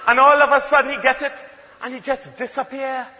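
A man's voice: extremely high pitch, flat delivery, a little fast, a crowd in the background. A man with a Trinidadian accent performing stand-up comedy in an emphatic, playful storytelling manner. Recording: hall reverb, faint ambient noise.

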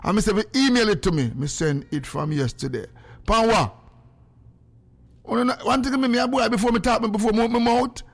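A man's voice: extremely high pitch, racing, hardly any pauses. A man chatting animatedly on a casual livestream, greeting viewers by name. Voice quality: gravelly, animated and excitable. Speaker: social media livestreamer. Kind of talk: casual live chat.

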